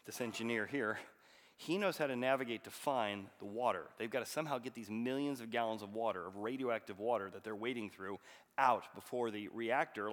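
A man preaching a sermon, telling a story and reading scripture aloud with bursts of loud emphasis. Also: medium pitch. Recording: long hall reverb.

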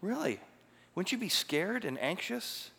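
A pastor gives an animated, conversational sermon and asks his listeners many questions. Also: sits high, measured pace, creaky, breathy edge. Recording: long reverb of a large hall.

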